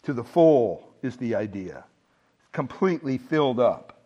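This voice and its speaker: A man's voice: medium pitch, lively intonation, unhurried, warm tone, breathy edge, muffled recording. A man preaching a sermon with emphasis, asking the congregation rhetorical questions. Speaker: pastor.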